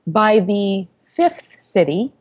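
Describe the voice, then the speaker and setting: A woman in her thirties, a founder telling her story in an interview, animated and quick to act out what people said. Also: mid-range voice. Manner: animated storyteller who acts out quoted voices.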